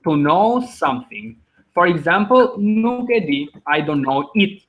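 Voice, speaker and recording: A man's voice: fairly high pitch, very animated, a little slow, a bit bright, lo-fi sound. Patient man teaching a language class online. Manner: patient, encouraging, explains step by step.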